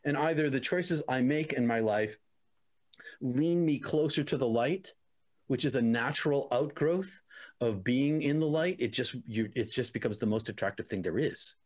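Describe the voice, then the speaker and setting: A middle-aged man speaks as an interview guest, recounting a personal experience. His voice sits at an ordinary male pitch, and he talks in an earnest, halting way, often restarting and repeating words as he searches for them.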